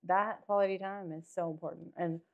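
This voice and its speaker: A woman in her thirties in casual podcast chat, lively, quick to chime in and laugh. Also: fairly low pitch, narrow, tinny audio. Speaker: podcast co-host, married to a host.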